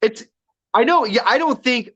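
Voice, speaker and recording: A man's voice: very high voice, lively intonation, normal speed, fairly bright tone, husky, muffled recording. A man co-hosting a radio show, telling a story casually and acting out the quotes with energy.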